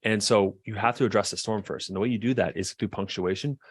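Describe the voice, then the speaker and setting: A man working as a marriage therapist, giving a lively coaching lesson in a chatty way and acting out quoted voices. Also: fairly low pitch, quick pace, husky, dry recording. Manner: lively, acts out quoted voices, chuckles often; conversational, frequent fillers like "like" and "right".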